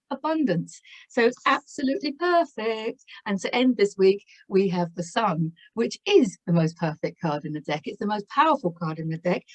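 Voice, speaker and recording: A woman's voice: mid-range voice, poor audio. A woman giving a spiritual tarot reading to camera, effusive and exclaiming in wonder, laughing often as she talks. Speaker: tarot reader.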